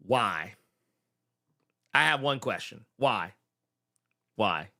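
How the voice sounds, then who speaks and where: Here a show host banters with live-stream viewers, cursing, joking, exclaiming and laughing a lot. He speaks at normal speed in a fairly high, fairly bright voice with big swings in pitch.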